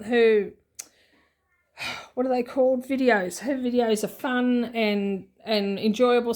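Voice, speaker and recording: An Australian woman chatting casually and unscripted as a budgeting vlogger at home, rambling and repeating herself as she goes. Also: fairly high pitch. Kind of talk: casual unscripted vlog chat. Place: at home with her cat nearby.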